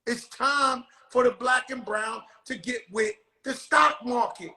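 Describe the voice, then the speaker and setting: Loud, bright-voiced rowdy man host. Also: extremely high pitch, takes it slowly, vocal fry, reverberant, rough recording. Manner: rowdy, profane storytelling with shouted bursts. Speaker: show host. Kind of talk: casual chat.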